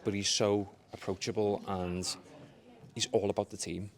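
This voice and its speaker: A man's voice: on the low side, moderate pace. Enthusiastic young male actor. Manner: enthusiastic, animated storytelling. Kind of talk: press event interview.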